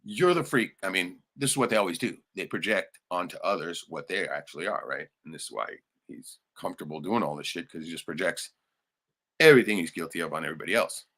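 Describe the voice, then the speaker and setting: A man's voice: sits low, quick pace, sharp tone. A man hosting a livestream, ranting heatedly and swearing, with laughing asides. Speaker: livestream host.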